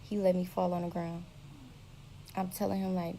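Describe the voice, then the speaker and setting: A young woman telling her own story in a blunt, profane, animated way. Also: on the low side, moderate pace, vocal fry, pauses often, slight background noise, rough recording. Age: young adult. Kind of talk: casual storytelling.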